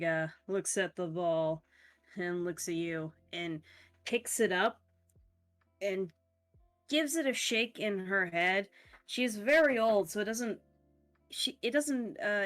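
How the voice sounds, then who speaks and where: Unhurried woman game master narrating. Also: mid-range voice, a bit bright. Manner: casual, swears, halting with fillers.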